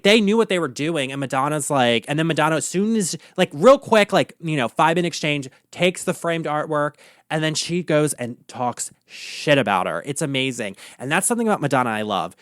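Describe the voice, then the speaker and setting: A man hosting a podcast, ranting about pop culture in an animated, profane, gossipy way. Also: a little high, no room sound, clean studio sound. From Baltimore area, USA. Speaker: podcast host. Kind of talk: casual pop-culture rant.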